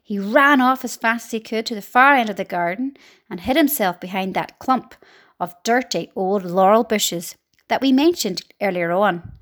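A woman reading a children's storybook aloud in an expressive, dramatic way. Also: mid-range voice, moderate pace.

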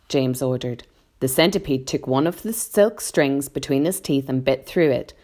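A woman narrating a children's storybook with an expressive, animated delivery. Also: extremely low pitch, moderate pace. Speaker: audiobook narrator.

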